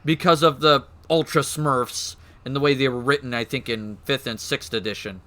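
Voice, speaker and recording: A man streaming, excitedly explaining game lore in casual chat, swearing and laughing. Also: medium pitch, normal speed.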